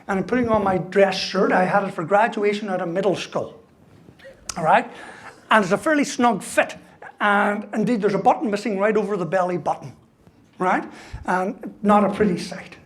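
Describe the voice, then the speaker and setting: Man, fifties, comic motivational speaker, anecdotes with a "right?" after every beat. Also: sits high. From Ireland. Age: 50s. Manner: storytelling, punchy jokes, keeps tagging "right?". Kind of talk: humorous keynote speech.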